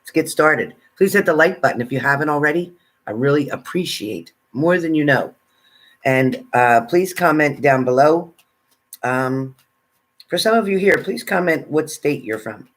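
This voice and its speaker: A man's voice: a little high, lively intonation, moderate pace, fairly bright tone. A man in casual live-stream chat, a tarot reader who chats away while reading out viewers' comments. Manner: chatty, reads out viewers' comments, eats while talking.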